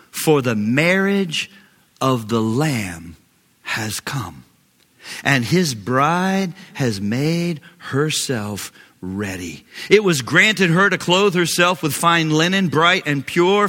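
A pastor preaching a sermon with big swings in volume, from loud calls down to near-whispers, and a slow, emphatic delivery. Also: male voice, a little high. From Knoxville, Tennessee. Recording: long hall reverb.

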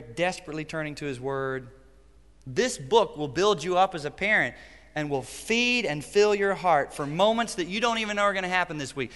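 A pastor in his forties delivers an impassioned sermon, his voice surging loud and then dropping to a hush. The tone is bright and forceful, and it rings out with a long reverb from a large hall. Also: high-pitched. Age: 40s. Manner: impassioned, swings from loud to hushed.

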